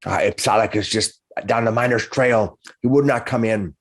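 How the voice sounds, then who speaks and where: A man narrating as game master of a tabletop game, halting and repeating words as he goes. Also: on the low side, fairly even intonation.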